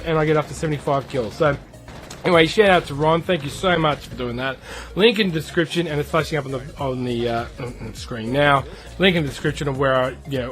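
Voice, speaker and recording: A man's voice: fairly high pitch, fairly bright tone. A man with an Australian accent, a gaming YouTuber telling a rambling, self-deprecating story over gameplay.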